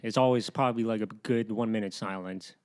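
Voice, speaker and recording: Relaxed man chatting loosely. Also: fairly low pitch, fast talker, clean tone. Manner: relaxed, rambling, trails off with fillers. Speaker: podcast guest and comedian. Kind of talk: casual chat.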